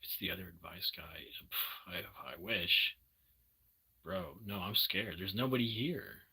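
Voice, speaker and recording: A man's voice: sits low, measured pace, pushed and bright, husky. A man casually chatting with viewers on a late-night live stream from home, loose and casual, swearing and groping for words.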